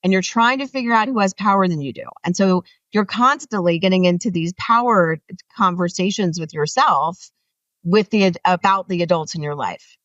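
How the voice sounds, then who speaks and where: A woman author being interviewed, talking earnestly and animatedly, often rising in pitch to make a point. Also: moderate pace, fairly bright tone, dry recording, recorded from a distance, lo-fi sound. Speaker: author guest. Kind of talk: interview conversation.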